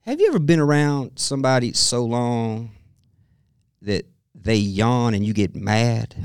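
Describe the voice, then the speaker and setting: A middle-aged man speaking as a guest expert in a podcast interview, telling stories in an animated way and laughing often. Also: mid-range voice, slow pace, vocal fry, long pauses, clean tone, no room sound.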